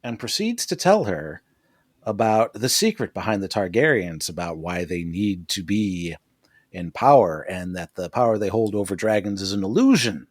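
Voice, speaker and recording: A man's voice: lowish voice, expressive, normal speed, no room sound, clean studio sound. A man co-hosting a podcast, recapping a TV episode in a casual, profane, joking style and laughing often. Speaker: podcast co-host. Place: podcast studio.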